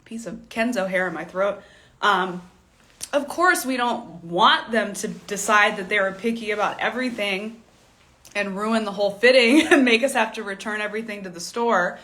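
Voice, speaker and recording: Bright, chatty woman stylist. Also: mid-range voice, normal speed. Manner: chatty and candid, with frequent laughs and "like" fillers. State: fighting a tickle in the throat, coughing. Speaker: fashion stylist and coach. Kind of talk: casual livestream teaching.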